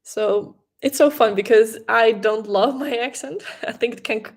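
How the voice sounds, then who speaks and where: A woman's voice: a little high, a little slow. Young Dutch woman chatting on a livestream. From Netherlands. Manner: chatty, restarts words, soft laughs. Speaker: livestream host, knitting creator. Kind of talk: casual livestream chat reading comments.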